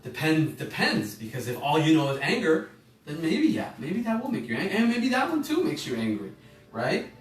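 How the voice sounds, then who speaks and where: An emotional intelligence course teacher runs an informal online class, rambling, correcting himself mid-sentence, and quizzing his listeners. His slightly high voice swings hugely in pitch at a normal speed. He sits somewhat far from the mic in an echoey room with faint music underneath.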